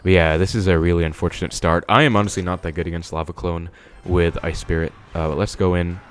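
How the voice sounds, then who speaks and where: A man's voice: low voice, steady tone, fast talker. A young man giving casual commentary on his own gameplay, thinking aloud with many fillers. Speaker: gaming video creator.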